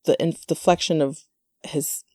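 A woman's voice: sits low, steady tone, measured pace, warm tone, no echo, clean studio sound. A woman hosting a casual conversation, chatty, with many fillers and asides.

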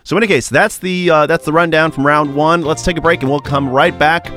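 A man hosting a casual podcast, chatty and animated as he recaps results. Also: a little high, brisk, faint music behind. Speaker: podcast host.

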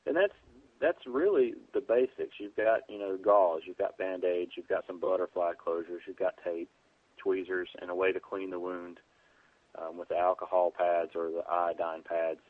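Calling in on a tinny phone line, a deep-voiced EMT joins a preparedness podcast for a casual interview. His intonation stays fairly even, and the sound is dry and close with no room around it. He talks in a plain, easygoing way, frequently pausing on "um" and "you know."

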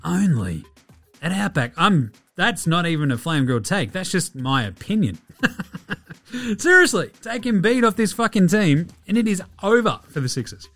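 A man's voice: high voice, big pitch swings, moderate pace, a bit bright, faint music behind. A man with an Australian accent hosting a basketball podcast, talking casually with blunt, profane rants. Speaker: podcast host. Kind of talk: casual sports talk.

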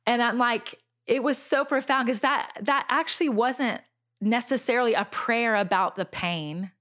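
A middle-aged woman telling a personal faith story in conversation, earnest and animated, with many fillers and restarts. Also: on the high side, moderate pace. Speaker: Christian singer sharing a testimony.

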